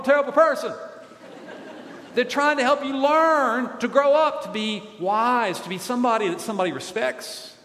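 A man preaching a sermon as a pastor, animated, asking the congregation to call back answers. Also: very high voice. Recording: echoey hall.

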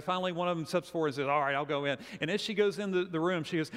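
Animated storytelling pastor in a reverberant hall. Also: male voice, high-pitched, fast talker, hardly any pauses. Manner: animated storyteller, acts out quotes. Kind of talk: sermon with storytelling.

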